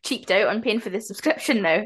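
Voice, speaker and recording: A woman's voice: mid-range voice, lively intonation, brisk, a bit bright, breathy edge. A woman co-hosting a podcast in casual chat, joking and swearing freely, saying she is tired. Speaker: podcast co-host.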